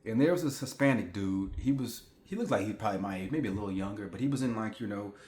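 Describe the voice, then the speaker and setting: A vlogger in his forties tells a story to the camera indoors at home, chatting, repeating himself, and addressing viewers directly. His lowish voice is expressive, quick-paced, and a little mellow. The room is echoey.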